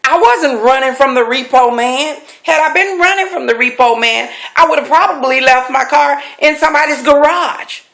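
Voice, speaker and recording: A middle-aged woman, a life coach, telling a personal story with animated, emphatic delivery, repeating key phrases for effect. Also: high-pitched, normal speed, gravelly, few pauses. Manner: animated, acts out quoted voices; emphatic repetition.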